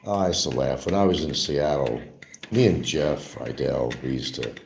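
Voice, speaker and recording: A man's voice: rumbling low, expressive, moderate pace, gravelly, a little mellow, slight background noise. An older man rambling in a casual, opinionated monologue to his viewers as a livestream host. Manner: opinionated, drifting, talks to viewers.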